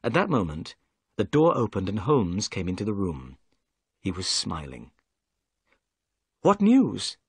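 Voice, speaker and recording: Expressive male storyteller, dry close sound. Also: sits low, normal speed, husky, dry recording. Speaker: narrator. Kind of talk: scripted story narration for English learners.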